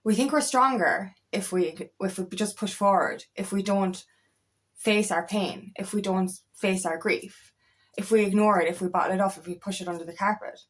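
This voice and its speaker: Speaking at a normal speed in a mid-range voice, a woman who coaches empowerment gives a relaxed motivational talk straight to camera. She chats emphatically, circles back to repeated phrases, and lets the occasional swear word slip.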